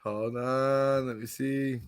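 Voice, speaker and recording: A man hosting a fan podcast in a casual livestream chat, excitable and giggly with lots of slang, on a computer camera mic. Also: medium pitch, slow, clear, resonant tone, no echo.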